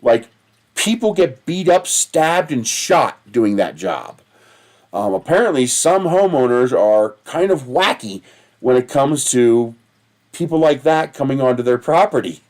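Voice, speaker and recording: A man's voice: medium pitch, animated, a little slow, a little mellow. A man hosting a casual livestream, telling rambling stories with a lot of swearing and laughing at himself. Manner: digressive, profane, laughs at his own stories. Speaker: livestream host.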